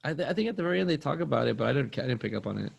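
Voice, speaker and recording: A man's voice: mid-range voice, animated, rapid-fire, creaky, husky, dry recording. A man co-hosting a podcast, chatting casually about movies, rambling with restarts and acting out quotes. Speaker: podcast co-host.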